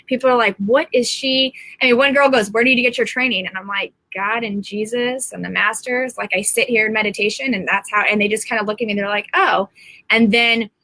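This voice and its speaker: A woman's voice: medium pitch, steady tone, fast, hardly any pauses, sharp tone, no room sound. A middle-aged woman, a psychic medium, talking to viewers from home in a rambling, earnest live-stream monologue.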